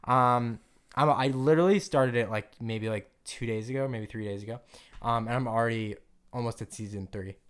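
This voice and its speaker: A man's voice: medium pitch, normal speed, smooth. A young man co-hosting a podcast, chatting in a bubbly, rambling way and laughing often. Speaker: podcast co-host. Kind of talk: casual chat.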